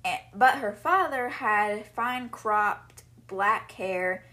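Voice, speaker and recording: A young woman talks through book chapters in a loose, chatty recap at a middle pitch. She fills her sentences with casual fillers as she retells the story. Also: extremely slow, bright, forceful tone. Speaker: podcast host.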